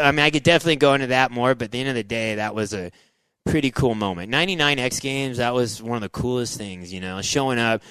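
A middle-aged former motocross racer, a guest in a casual interview, excitably tells stories from his racing days, acting out his own past thoughts and saying "dude" and "like" in nearly every line. His voice is at an ordinary pitch with a clean tone. The recording is dry and close with no room sound, though the audio quality is poor.

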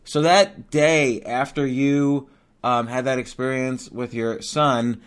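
A man hosting a podcast interview, asking questions in a halting way with restarts and fillers. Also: medium pitch, fairly even intonation. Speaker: podcast host.

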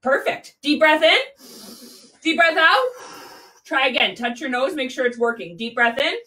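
A woman leads a children's yoga class in a bright, high voice. She swoops through a wide range in a playful, sing-song way. The sound comes from a mic set some way off in a home room. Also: expressive, normal speed, far from the mic. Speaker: kids' yoga teacher.

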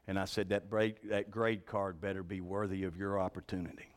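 A man preaching a revival sermon in a church, telling folksy stories and swinging from shouts to a hushed voice. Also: deep voice, flat delivery, fairly quick. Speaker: pastor. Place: church sanctuary.

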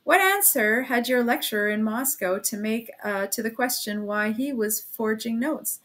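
A woman voicing a blunt, outspoken young man who talks in a quick, emphatic, lecturing way. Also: fairly high pitch, fairly bright tone, natural voice.

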